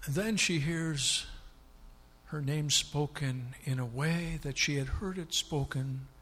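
This male preacher has a husky, fairly high voice and a slow, pushed, bright delivery as he dramatically retells scripture. His words echo with a long reverb, like in a big hall.

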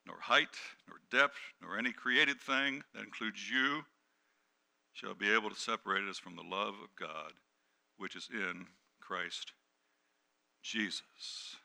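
Bright-voiced man preaching with big swings. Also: fairly low pitch, measured pace, gravelly. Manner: dynamic preaching, swings from hushed to shouting. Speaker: pastor. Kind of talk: sermon.

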